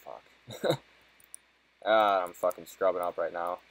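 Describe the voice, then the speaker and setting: Speaking slowly in a low voice with a slightly bright edge, this young let's-play gamer curses his way through a video game. His commentary is casual, frustrated and full of jokes. The audio quality is poor.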